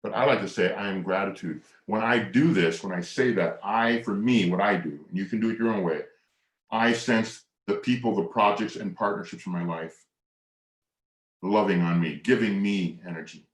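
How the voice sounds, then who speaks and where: A man's voice: on the low side, reverberant. A middle-aged man presenting a motivational masterclass, talking earnestly and reflectively about mindset. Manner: earnest, slow and reflective, drops to near whisper on mantras; leads hand exercises with lively coaching cues. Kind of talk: motivational teaching talk.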